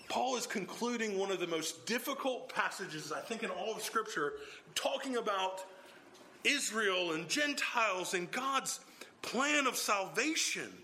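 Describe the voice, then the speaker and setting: A man preaching an expository sermon, emphatic and swinging from low, even delivery to sudden exclamations. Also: a little hiss or hum.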